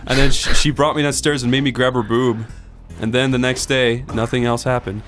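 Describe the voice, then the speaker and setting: A man's voice: medium pitch, flat delivery, fairly quick. Rambling man telling anecdotes over game music. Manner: rambling anecdotes with squealing put-on voices for quoted people. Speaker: co-host of a gaming show. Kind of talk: casual storytelling over gameplay.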